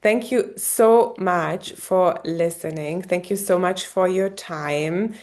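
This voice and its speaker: A woman with a German accent talks straight to the listener as a business coach wrapping up a masterclass. Her delivery is warm and encouraging, and she keeps checking in with a quick "yeah?" between points. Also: on the low side. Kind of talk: masterclass sales pitch.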